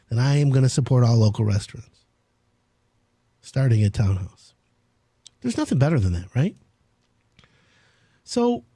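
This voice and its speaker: Brash, lively-voiced male radio host. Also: medium pitch, husky, no room sound. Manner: brash, joking, salesy. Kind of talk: home improvement radio talk.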